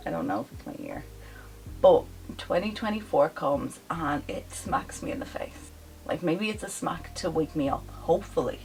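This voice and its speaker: A young woman telling a story to her vlog audience in casual, animated chat, full of "like" fillers. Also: sits low, a little slow, low-quality recording. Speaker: vlogger. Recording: voice a bit off-mic, faint music behind.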